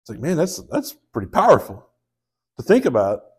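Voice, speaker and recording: Southern pastor telling a story. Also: male voice, medium pitch, a little fast, breathy edge. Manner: relaxed storytelling with many fillers. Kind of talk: sermon.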